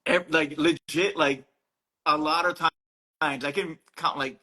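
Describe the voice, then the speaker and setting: A man's voice: a little high, fairly even intonation, measured pace, sharp tone, poor audio. A man from Hawaii hosting a podcast, chatting in an easygoing way with slang like "dude" and frequent restarts. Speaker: podcast host. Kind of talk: casual chat.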